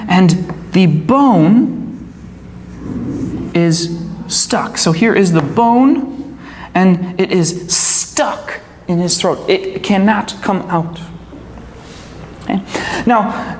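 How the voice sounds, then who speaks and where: A woman teaching English to young learners, telling a story slowly and explaining each word as she goes. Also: mid-range voice, expressive, a little mellow. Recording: echoey hall with faint ambient noise.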